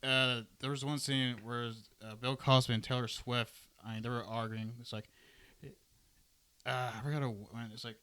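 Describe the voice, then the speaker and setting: A man's voice: medium pitch, little pitch movement, normal speed, bright, forceful tone, smooth. A man co-hosting a casual podcast, making short blunt remarks. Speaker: podcast co-host. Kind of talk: casual chat.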